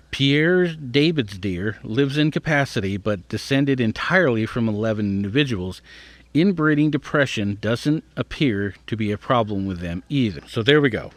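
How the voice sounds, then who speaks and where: This man, a podcast host with a lowish voice, reads from an article and adds his own thoughts along the way, sometimes stumbling over hard words. No room sound is audible.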